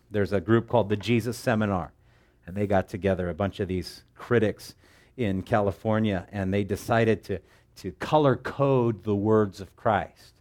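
A man preaching a sermon in an animated, joking way, acting out the voices he quotes. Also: fairly low pitch. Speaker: pastor.

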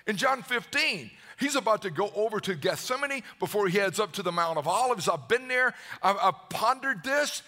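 A man's voice: high-pitched, lively intonation, moderate pace, hardly any pauses, pushed and bright. A man preaching a sermon in a fervent way, often stumbling into repeated restarts as he builds up.

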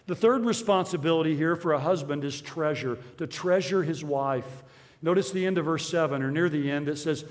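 A middle-aged man preaching a sermon in a church, earnest and measured, repeating his key phrases. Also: a little high, big-room sound. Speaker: pastor.

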